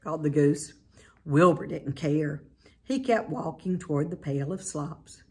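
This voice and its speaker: A middle-aged woman teacher reading a children's book aloud in a calm, clear storytelling manner. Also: low voice, measured pace.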